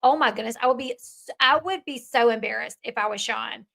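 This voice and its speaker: A woman talks casually over a clip she is reacting to, retelling what others said in a chatty way. Her voice is bright and sits a little high. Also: fairly quick, vocal fry. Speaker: commentator.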